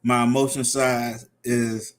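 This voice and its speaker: A man's voice: medium pitch, little pitch movement, slow pace. A man hosting a casual live stream, reading out viewer comments and laughing often. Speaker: livestream host.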